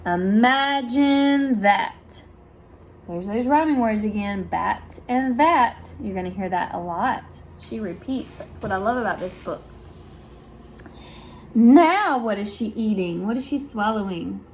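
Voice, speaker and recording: A woman's voice: expressive, darkish tone, slight background noise. A woman speech therapist reading a picture book aloud to young children, asking questions and over-articulating sounds in a sing-song manner. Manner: slow, sing-song, with big exaggerated pitch jumps for praise; overarticulates sounds for young listeners.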